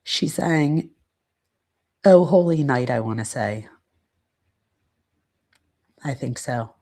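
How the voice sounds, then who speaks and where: A woman hosting a true crime channel, casually reading out quotes and commenting, pausing now and then to search her notes. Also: very deep voice, animated, warm tone.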